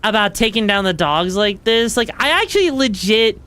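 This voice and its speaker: Lively, chatty female game streamer. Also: medium pitch, normal speed, smooth. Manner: rambling, chatty, lots of fillers. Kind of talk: casual gameplay commentary.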